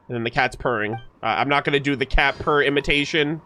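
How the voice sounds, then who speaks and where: A man streaming a game, reacting and joking excitedly with his chat as he plays. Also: mid-range voice, fast, hardly any pauses. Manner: excitable, jokey, talks to chat. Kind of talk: casual gameplay reaction commentary. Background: faint game music.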